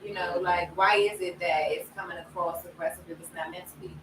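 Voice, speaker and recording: A woman's voice: on the low side, fairly even intonation, a little fast. A woman in a casual group discussion, talking things through reflectively and acting out her own past outbursts. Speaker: panel guest. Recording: roomy, distant mic with faint noise.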